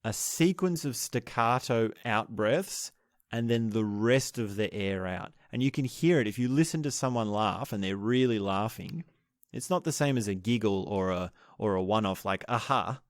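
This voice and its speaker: A man teaching breathing techniques in a slow, measured way, explaining each step and pausing to restart his phrases. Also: fairly low pitch, lively intonation, dry recording, studio quality. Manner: explains step by step, demonstrating laughter breathing aloud. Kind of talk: spoken lesson on breathing techniques.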